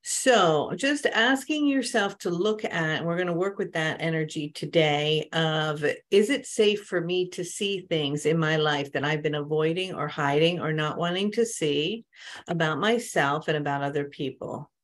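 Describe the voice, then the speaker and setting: A woman's voice: low-pitched, a little slow. A woman spiritual coach talking casually to a group on an online call, telling stories with many asides. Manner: conversational, storytelling with many asides.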